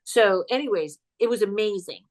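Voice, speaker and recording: A woman guesting on a podcast as a psychic comedian, telling a spooky story in an animated, chatty way and laughing as she goes. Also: mid-range voice, moderate pace. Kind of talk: casual storytelling chat.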